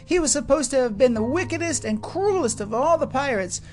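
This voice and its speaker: A woman doing an excitable boy hero. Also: high voice, brisk, faint music behind, pitched above the performer's own voice. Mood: excited.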